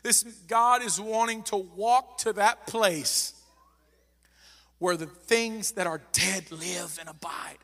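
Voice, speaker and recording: A man's voice: high voice, fairly even intonation, takes it slowly, a bit bright. A man preaching a sermon as pastor, fervent and repeating phrases for emphasis. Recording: long reverb of a large hall.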